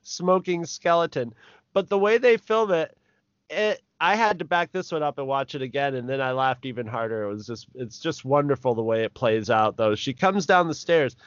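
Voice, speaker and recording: This man co-hosts a podcast, casually reviewing a film with rambling talk and frequent laughter. His mid-range voice is smooth and moderately paced, recorded dry in dull lo-fi quality.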